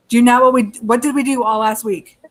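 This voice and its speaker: A woman co-hosting a casual beauty review, chatty, laughing often and swearing freely. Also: on the high side. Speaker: beauty channel co-host. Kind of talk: casual chat product review.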